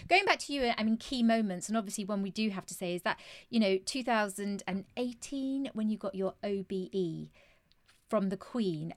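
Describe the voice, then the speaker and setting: A woman's voice: mid-range voice, no echo. A woman hosting an interview podcast, asking long, meandering questions in a chatty way. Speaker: podcast host. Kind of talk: casual interview.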